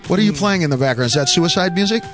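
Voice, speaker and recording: A man's voice: high voice, lively intonation, over music. Joking man hosting morning radio. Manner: joking, rambling, quick asides. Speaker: radio show host. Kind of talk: casual morning radio banter.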